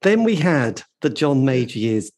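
A man's voice: mid-range voice, very animated, measured pace, darkish tone, slight background noise. A man hosting a casual interview, asking hesitant, conversational questions. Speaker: podcast host.

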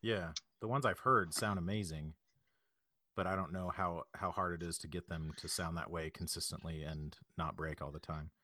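A man's voice: sits low, steady tone, normal speed, pushed and bright, no room sound. A man hosting a casual podcast, asking his guest conversational questions. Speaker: podcast host. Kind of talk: casual chat.

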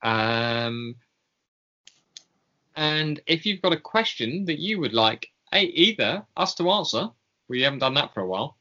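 A man's voice: on the high side, big pitch swings, unhurried, sharp tone, dull audio. A man co-hosting a podcast, rambling casually through the sign-off with lots of ums. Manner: rambling, filler-heavy, laughing at himself. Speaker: podcast co-host.

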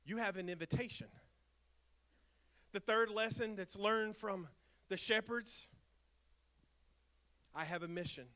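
Bright, high-voiced male pastor preaching. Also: a little slow, long pauses. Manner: emphatic preaching with repeated refrains, swinging between loud bursts and soft lines. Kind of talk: sermon.

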